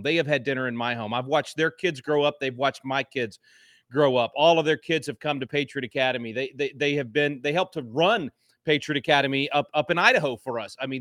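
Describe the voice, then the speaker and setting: A man's voice: mid-range voice, fairly bright tone, dry recording, studio quality. A middle-aged man appearing as a guest, speaking with fervent anger and frequent restarts. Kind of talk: impassioned talk show commentary.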